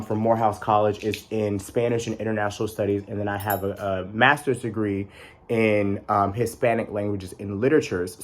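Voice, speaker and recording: A young man with a chatty, rambling manner and playful sassy asides, talking casually as a vlog host. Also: fairly low pitch. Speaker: tarot deck reviewer.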